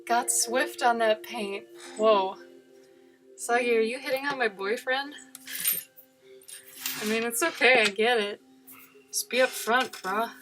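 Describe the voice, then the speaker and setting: A woman's voice: a little high, measured pace, pauses often, over music. A woman with a slight Minnesotan accent, chatting and joking casually while she paints on a livestream. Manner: chatty, joking, playful outbursts. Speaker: livestream host.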